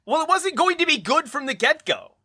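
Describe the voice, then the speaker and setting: A man's voice: very high-pitched, very animated, brisk, sharp tone, no room sound. A man co-hosting a podcast in casual chat, ranting with incredulous rhetorical questions. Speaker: podcast co-host.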